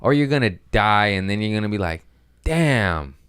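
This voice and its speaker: A man's voice: lowish voice, quick pace, a bit bright, clear, resonant tone, dry recording, studio quality. A man hosting a casual comedy podcast, rambling in a profane, self-mocking way. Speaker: podcast host. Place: at home, gardeners working outside.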